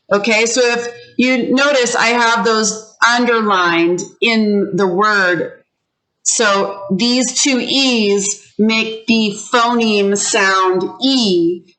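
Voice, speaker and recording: A woman teacher giving an online pronunciation lesson over a video call, drawing out words slowly so her learners can repeat them. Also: mid-range voice, sharp tone, rough recording. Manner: slow, drawn-out modelling of words for learners to repeat.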